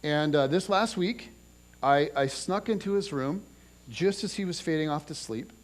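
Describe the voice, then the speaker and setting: A man's voice: a little high, moderate pace. A man in his forties preaching a sermon in a church, talking in a loose, conversational way and telling family stories with lots of restarts. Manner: conversational, animated storytelling with restarts. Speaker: pastor. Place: church auditorium.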